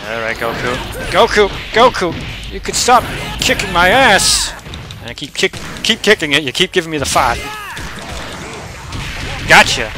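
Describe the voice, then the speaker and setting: A man giving excitable, playful commentary on his own fighting-game play, yelling at opponents and laughing often. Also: medium pitch. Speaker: gaming streamer. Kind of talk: live gameplay commentary. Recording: game music playing behind the voice.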